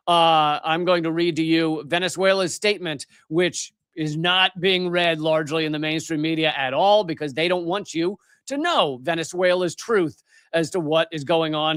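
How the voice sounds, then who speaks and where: Middle-aged male livestream host, furious profane rant, fairly high voice, dry close sound. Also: a bit bright, clean tone, no room sound. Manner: angry, profane, emphatic with many restarts. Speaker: political commentary show host. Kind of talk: live-streamed ranting commentary.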